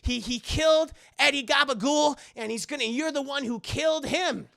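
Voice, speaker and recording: A man's voice: extremely high pitch, normal speed, vocal fry, sharp tone, no room sound, clean studio sound, voice pushed up, exaggerated voice. A man doing a frantic single mother. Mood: urgent. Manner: urgent, pleading.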